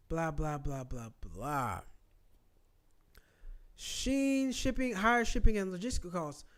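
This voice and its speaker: Animated man riffing on shopping prices. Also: high voice, clean tone. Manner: animated, swearing, talking back to what he reads. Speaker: vlogger. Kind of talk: casual commentary reading and browsing online.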